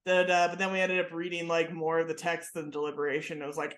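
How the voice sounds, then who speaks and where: A woman's voice: lowish voice, level tone, fast, a bit bright, reverberant. A woman in her thirties co-hosting a podcast, telling stories in a chatty way with plenty of fillers and laughs. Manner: chatty storyteller, lots of "like" and laughs. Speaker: podcast co-host. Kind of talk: casual chat.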